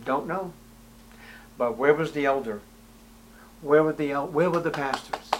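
A man's voice: fairly high pitch, measured pace, background noise. Preacher man with rhetorical questions. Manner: rhetorical questions, swings from loud to hushed; reads scripture aloud in King James wording. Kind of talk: expository sermon.

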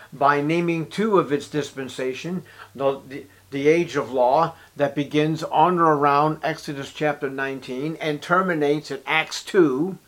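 A man preaching a sermon as pastor, reading scripture aloud and swinging between loud emphasis and hushed asides. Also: fairly high pitch.

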